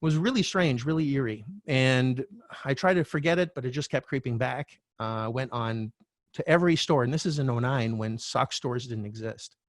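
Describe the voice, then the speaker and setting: A middle-aged man, a real estate coach, telling a candid personal story as a podcast guest, animated and swearing now and then. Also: medium pitch, normal speed, dry recording, clean studio sound. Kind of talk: storytelling interview talk.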